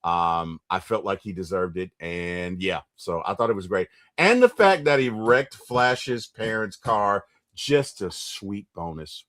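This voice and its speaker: A man hosting a casual movie recap chat, retelling scenes with lively bursts and quick impressions. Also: on the low side. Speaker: movie review podcast host.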